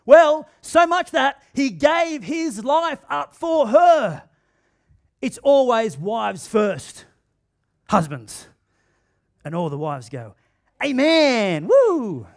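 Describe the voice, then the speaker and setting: A man with an Australian accent preaching a sermon in a church, swinging between loud emphatic bursts and quiet asides. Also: very high-pitched, sing-song, slow. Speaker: pastor. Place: church auditorium.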